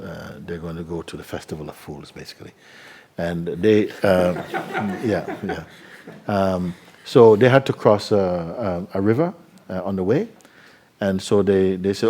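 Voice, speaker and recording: A man giving spiritual teaching to a live audience, unhurried and probing with repeated questions. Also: deep voice, gravelly, mellow, husky.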